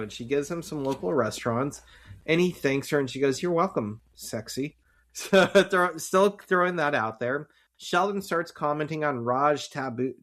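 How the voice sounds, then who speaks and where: A man's voice: on the high side, a bit bright. Man, podcast co-host, casual recap chat, rambling with fillers. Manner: chatty, recaps scenes with many fillers.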